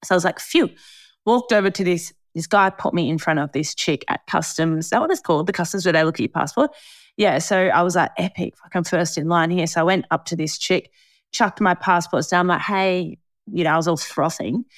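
A young Australian woman tells a story on her podcast, laughing often and swearing freely. Her voice sits a little low. The sound is dry and close. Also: fairly quick, no echo. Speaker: podcast host. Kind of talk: casual chat.

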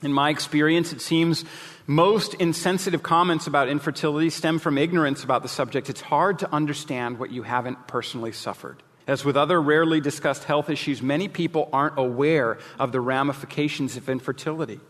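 Candid preacher in a reverberant hall. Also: male voice, fairly high pitch, fairly quick, a bit bright. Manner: candid, jokey, emphatic. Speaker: pastor. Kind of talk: sermon.

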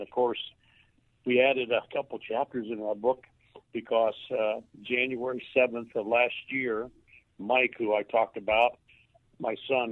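An older man, a former baseball coach, tells a moving personal story in a halting way, repeating words as he is moved to tears. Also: mid-range voice, dry recording. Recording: tinny phone line.

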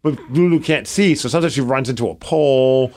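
A man's voice: mid-range voice, brisk. A man co-hosting a podcast, telling rambling stories in casual chat with lots of filler words. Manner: rambling storyteller, animated, many "like" fillers. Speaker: podcast co-host.

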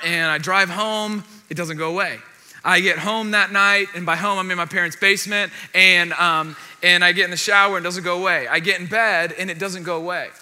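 A young man preaching a sermon, telling a personal story in an animated, self-deprecating way with asides to the congregation. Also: sits high. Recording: long hall reverb.

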